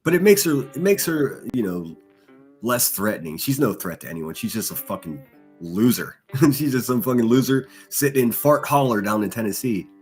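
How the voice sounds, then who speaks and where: A man's voice: mid-range voice, animated, moderate pace, faint music behind. A man hosting a livestream, reading chat and mocking people with crude insults and laughter. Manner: insulting, sneering, laughs at own jokes. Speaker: livestream host.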